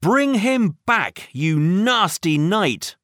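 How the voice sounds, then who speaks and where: A narrator voicing an excited young girl adventurer in a children's audiobook reading, speaking high and urgently. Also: slow, dry recording, clean studio sound. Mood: alarmed.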